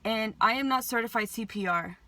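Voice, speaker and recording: Agitated swearing woman vlogger, bright voice. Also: on the high side, fairly quick. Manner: agitated, heavy swearing, many restarts. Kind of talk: emotional storytime vlog.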